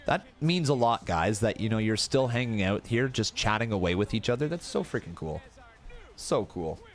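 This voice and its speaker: A man's voice: on the low side, normal speed. A young man hosting a live watch-along stream, chatting to his viewers and often breaking into laughter. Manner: excitable, laughs a lot, talks to chat as "guys" and "bro". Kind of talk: casual live-stream commentary.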